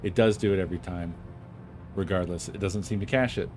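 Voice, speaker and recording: A man's voice: low voice, fairly even intonation, brisk, over music. Frustrated, swearing man on a stream. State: feeling unwell. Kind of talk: casual gaming stream chat.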